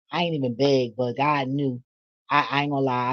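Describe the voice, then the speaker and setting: A woman's voice: extremely low pitch, steady tone, normal speed. A woman doing a casual tarot reading vlog, blunt and profane, with laughing asides. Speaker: tarot reader. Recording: dull lo-fi audio.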